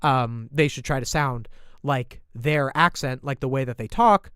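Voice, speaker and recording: Rambling man, smooth dry voice. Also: medium pitch, measured pace, fairly bright tone, no room sound. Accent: slight New York. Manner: rambling, thinking aloud, many fillers and restarts. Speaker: YouTuber reviewing creator posts on stream. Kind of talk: casual livestream commentary.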